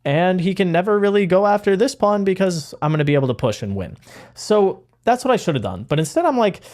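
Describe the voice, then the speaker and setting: A young man giving casual, rambling commentary on his own chess game, excitable and full of fillers. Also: high-pitched, brisk. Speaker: chess content creator.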